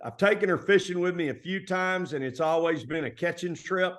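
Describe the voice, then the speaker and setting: A middle-aged man from Texas, a basketball coach telling stories in a relaxed, folksy interview style full of colloquial turns. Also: high-pitched, fairly quick. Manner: folksy, animated storytelling with Southern colloquialisms. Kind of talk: conversational storytelling interview.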